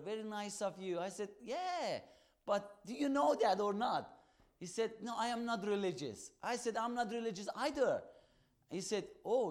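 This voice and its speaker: A man telling an evangelist's testimony, acting out both sides of his conversations in emphatic, halting, non-native English. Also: sits high. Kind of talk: testimony storytelling.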